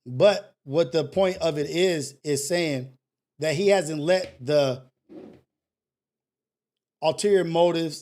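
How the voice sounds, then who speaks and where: With a voice that is a little high and a little mellow, a talk show host rants to callers in a casual, motivational way. He is emphatic and blunt, leaning on slang, profanity and lots of repetition.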